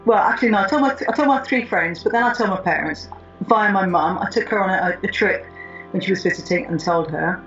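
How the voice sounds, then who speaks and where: A woman in her fifties telling her own story in an interview, reflective and thoughtful with frequent pauses. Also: mid-range voice. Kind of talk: personal storytelling. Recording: slightly muffled with soft music.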